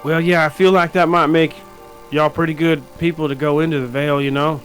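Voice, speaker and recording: A man's voice: a little high, flat delivery, a little fast, a bit bright, faint music behind, close to an everyday voice, rough recording. A man as game master voicing an earnest, hesitant small-town constable in a tabletop role-play. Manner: hesitant, many restarts and fillers.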